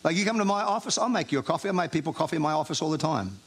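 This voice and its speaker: A man with a high voice for his sex preaches in a casual, chatty manner, as if talking things over with his listeners. His delivery stays plain and informal throughout. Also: expressive, racing, slightly rough. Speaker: pastor. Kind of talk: sermon.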